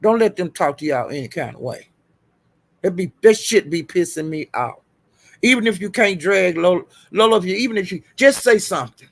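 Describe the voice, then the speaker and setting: A man's voice: sits high, expressive, normal speed. A man hosting a livestream in casual commentary, giving blunt, profane advice. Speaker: livestream host.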